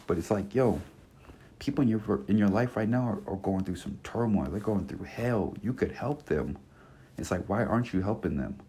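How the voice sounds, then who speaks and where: In a casual monologue, a man in his 20s hosting a podcast rants bluntly and passionately, cursing and using slang as he keeps returning to the same points. He has a lowish, dark-toned voice at normal speed, with slight background noise.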